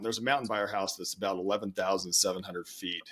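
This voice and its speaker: Animated man telling a parenting story. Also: lowish voice, fast. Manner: animated, acts out quoted voices. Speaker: podcast guest. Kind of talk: storytelling in interview.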